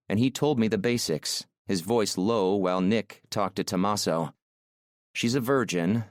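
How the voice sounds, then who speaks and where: Low-voiced male audiobook narrator. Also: no room sound, studio quality. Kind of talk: scripted first-person romance narration.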